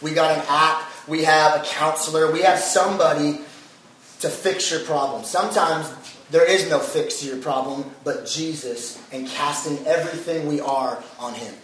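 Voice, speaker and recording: A man's voice: fairly high pitch, steady tone, moderate pace, a bit bright, a little hiss or hum. A young man preaching a sermon in a casual, chatty way, full of fillers, as a pastor. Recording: echoey hall from far off.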